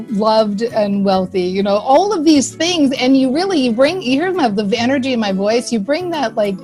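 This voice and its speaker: A woman giving an upbeat, chatty self-help presentation to a live online audience, full of "like" and quick asides. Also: on the high side. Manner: upbeat, chatty, lots of fillers and likes.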